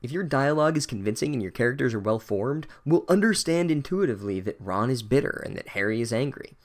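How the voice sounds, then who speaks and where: A man's voice: medium pitch, animated, fast. A man giving a sarcastic, exasperated and profane comedic book recap. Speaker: book reviewer.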